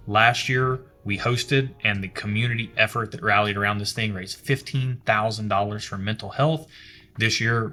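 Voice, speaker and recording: A man's voice: lowish voice, pushed and bright. A man co-hosting a whiskey review show, chatting casually and joking with his co-host. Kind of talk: casual chat.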